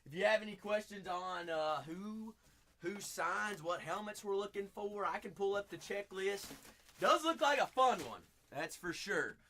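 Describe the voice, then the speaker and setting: A man's voice: high-pitched, expressive, unhurried, bright, forceful tone. A chatty man with a Southern accent hosting a live card-break stream, talking to viewers by name.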